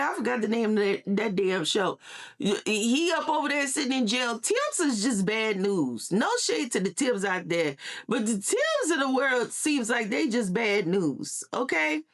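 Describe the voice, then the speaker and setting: Sassy woman dishing gossip. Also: on the high side. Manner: sassy, emphatic, repeats points. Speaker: social media commentator. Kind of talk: casual gossip commentary.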